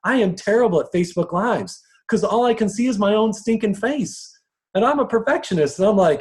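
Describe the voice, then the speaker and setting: A man coaching on personal strengths in a casual live talk to an audience. He chuckles often and slips into quick voices as he talks. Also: high voice, animated, darkish tone.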